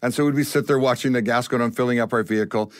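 An older Canadian man, a guest musician, telling stories in an animated way and acting out the voices of the people in them. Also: mid-range voice, racing, dry recording. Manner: acts out voices in his stories. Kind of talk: animated storytelling.

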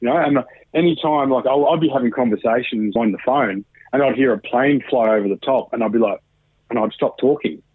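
A man's voice: medium pitch, fairly quick, breathy edge, dry recording. Man on a tinny phone line. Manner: swears often, acts out quoted dialogue. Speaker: podcast guest. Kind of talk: casual storytelling interview.

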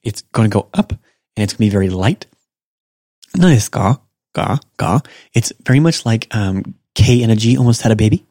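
A man hosting a podcast language lesson, explaining points in a relaxed, casual way. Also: lowish voice, fast, no echo, clean studio sound. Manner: relaxed, explanatory, talks through examples. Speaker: language teacher and podcast host.

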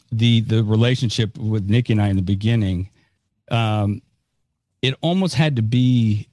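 A man's voice: on the low side, a little mellow, dry recording, clean studio sound. A man hosting a talk, sharing his own experience in a hesitant, candid way full of "you know". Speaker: podcast host giving advice. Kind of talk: reflective conversational advice.

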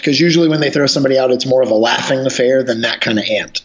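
A man's voice: medium pitch, quick pace, creaky, hardly any pauses. A man telling wild stories in a casual, profane, rambling chat. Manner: profane, rambling, animated storyteller. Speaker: podcast guest, jiu-jitsu instructor. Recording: roomy, dull lo-fi sound.

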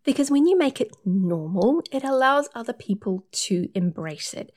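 A woman's voice: a little high, animated, normal speed, darkish tone. A woman working as a period coach, talking through numbered tips in an upbeat, casual advice monologue.

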